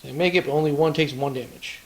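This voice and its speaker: A man's voice: on the high side, fairly even intonation, quick pace, background noise. A man hosting a tabletop wargame battle report, chatting casually through the play, counting dice aloud and throwing in playful taunts.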